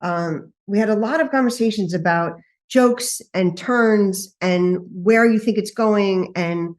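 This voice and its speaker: Woman from New York, podcast guest, halting, repeats words, casual chat. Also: mid-range voice, darkish tone.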